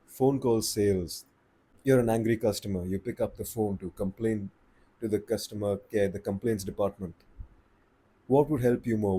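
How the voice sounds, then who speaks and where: A man giving voice tips in a relaxed, unhurried, conversational way, slowing down to stress his points. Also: fairly low pitch, slightly rough. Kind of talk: casual advice talk to camera.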